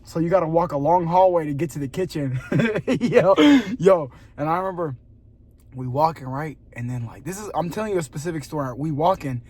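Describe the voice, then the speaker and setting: A young man with a high, light voice tells a long story straight to his camera in casual slang. He gets animated and laughs often, then drops to a hushed voice to build suspense. It is recorded on a phone or camera mic at night in a gym parking lot. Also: a little fast. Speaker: vlogger.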